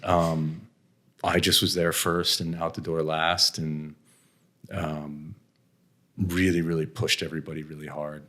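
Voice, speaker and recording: A middle-aged man from the United States with a very low voice tells stories from his working life. He talks bluntly and casually, mocking himself and laughing now and then. His manner is frank and conversational, with the odd swear word. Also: flat delivery, a little slow, pushed and bright. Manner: blunt, self-deprecating, laughs often, mild swearing. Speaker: interview guest, venture investor. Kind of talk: candid conversational storytelling.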